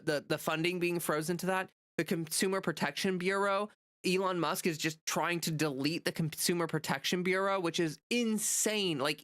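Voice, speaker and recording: A woman's voice: lowish voice, a bit bright, no echo, clean studio sound. A woman streamer on an impassioned political rant, talking with lots of fillers and restarts and sighing in exasperation. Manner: exasperated, frequent sighs.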